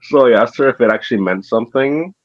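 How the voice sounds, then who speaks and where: A man chatting on a stream, telling animated stories and slipping in Spanish phrases. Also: medium pitch, fast. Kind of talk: casual chat. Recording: dull lo-fi mic.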